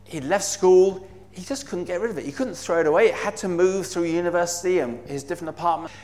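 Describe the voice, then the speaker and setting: A man speaks to a church gathering on behalf of a Bible society, earnest and eager. His voice sits a touch high and moves along with many small fillers and cries of praise. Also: fast talker, darkish tone. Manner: earnest, enthusiastic, with frequent fillers and exclamations of praise. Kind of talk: talk to a church congregation.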